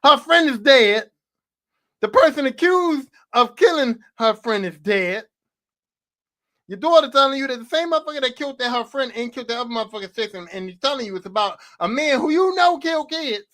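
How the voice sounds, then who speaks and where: A man hosting a podcast, going on a profane, animated comedic rant and talking straight at the character he mocks. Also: very high-pitched, brisk. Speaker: podcast host. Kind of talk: comedic rant about horror movies.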